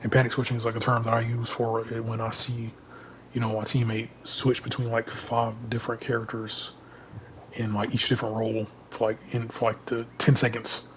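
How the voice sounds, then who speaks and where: A man chats loosely to his audience, his voice staying level and even in pitch. He drifts from point to point and leans constantly on fillers like "you know" and "like". A faint hum sits low behind him. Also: fairly quick. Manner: rambling, heavy use of "you know" and "like". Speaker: gaming YouTuber. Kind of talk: casual vlog commentary.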